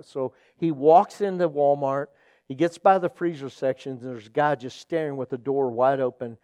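A man's voice: mid-range voice, moderate pace, darkish tone, no echo. A man preaching as a pastor, telling stories earnestly and acting out the people in them. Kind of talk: sermon with personal storytelling.

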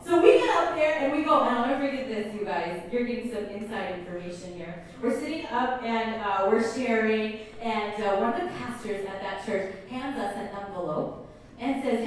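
A woman's voice: on the high side, lively intonation, normal speed. A woman pastor giving a chatty, enthusiastic sermon with storytelling and prayer at a church service. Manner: enthusiastic and chatty, many fillers. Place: church service in a comedy club venue. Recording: echoey hall from far off, faint noise.

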